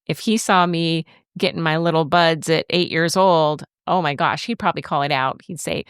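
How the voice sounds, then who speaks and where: Smooth, low-sitting and fairly even in intonation, this middle-aged woman's voice moves at a moderate pace. As a podcast co-host in casual chat, she tells stories in a chatty way and laughs often, recorded with clean studio sound and no room sound.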